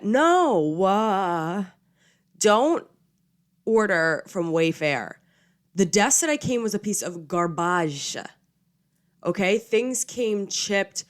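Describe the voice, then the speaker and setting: A woman's voice: medium pitch, sing-song, takes it slowly, long pauses. A young woman in her twenties hosting a podcast, chatting casually and poking fun at herself, a little under the weather with a slight cold. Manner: chatty, self-mocking, lots of "okay?" and "like". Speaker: podcast host. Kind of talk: casual chat.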